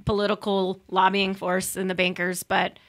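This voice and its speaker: A woman's voice: medium pitch, completely flat delivery, moderate pace, fairly bright tone. A woman guest on a talk radio show, chatty and full of fillers as she explains policy.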